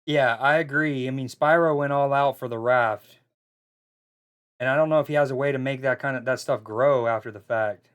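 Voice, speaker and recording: Male streamer co-commentator, mid-pitched, loose and talkative, prone to fillers and sudden bursts of excitement. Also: moderate pace, clear, resonant tone. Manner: chatty, loose, excitable, with frequent fillers and restarts. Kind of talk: casual live stream commentary.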